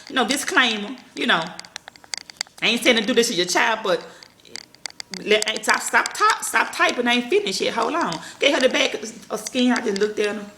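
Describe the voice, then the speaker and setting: A mother in her thirties telling a story to her viewers, talking fast and bluntly and swearing freely. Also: fairly high pitch, lively intonation. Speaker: vlogger, mother. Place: at home. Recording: echoey room, faint noise.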